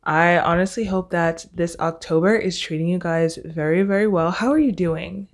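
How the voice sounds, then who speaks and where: A young college woman hosts her own podcast solo, chatting sarcastically and casually with her listeners. Her voice sits fairly low and she speaks at a normal speed.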